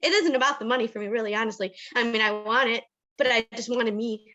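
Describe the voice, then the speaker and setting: Emotional woman in her forties, high and bright. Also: fast, lo-fi sound. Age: 40s. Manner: nervous, emotional, laughs between phrases. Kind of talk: personal testimony on a video call. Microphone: video call.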